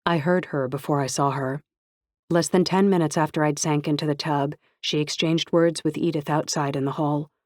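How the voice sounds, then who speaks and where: An audiobook narrator reads a first-person novel in a steady, even storytelling manner. The voice sits at a middle pitch. The recording is dry and close. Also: moderate pace, no echo.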